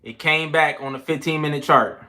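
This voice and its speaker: Breathless slangy man, bright forceful voice. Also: on the high side, moderate pace. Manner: loose, slangy and animated, counting push-ups between chart talk. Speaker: trading channel host. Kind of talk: casual trading livestream.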